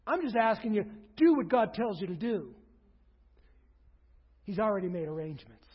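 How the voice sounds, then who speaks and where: A man's voice: high-pitched, husky, in a large hall, muffled recording. A man preaching a sermon as pastor, earnest, acting out quoted speech with rising emphasis.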